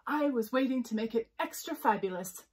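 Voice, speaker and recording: A woman voicing a bossy, grumpy male unicorn astronaut who snaps loudly and sounds self-important. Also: on the high side, animated, brisk, slight background noise, pitched above the performer's own voice, close to an everyday voice. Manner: loud, snapping, self-important.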